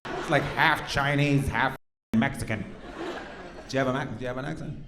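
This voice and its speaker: A man's voice: mid-range voice, normal speed. A man doing profane, teasing stand-up crowd work with the audience in a comedy club. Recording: echoey club, loud crowd noise.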